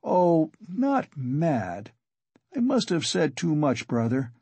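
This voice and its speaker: A man reading the part of a drunk, talkative young man who rambles eagerly, in a husky voice. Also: on the high side, big pitch swings, slow, warm tone, no echo, pitched above the performer's own voice, full character voice. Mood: excited. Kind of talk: audiobook character reading.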